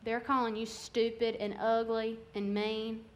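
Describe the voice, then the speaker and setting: A young woman preaching, her voice sitting a little high. She speaks candidly and conversationally, building passion as she urges her listeners. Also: little pitch movement, measured pace, highs cut off. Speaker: guest speaker. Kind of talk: sermon.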